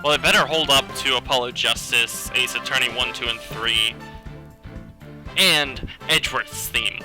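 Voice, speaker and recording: A man's voice: medium pitch, a little slow. A man streaming a game live, chatting casually and reacting to chat and game music. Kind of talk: casual live gameplay commentary. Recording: game music playing behind.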